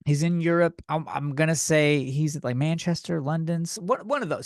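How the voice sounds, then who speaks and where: A man's voice: fairly high pitch, moderate pace, few pauses, no room sound, studio quality. A man hosting a comedy podcast, talking bluntly with lots of swearing, rambling and restarting his sentences. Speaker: podcast host.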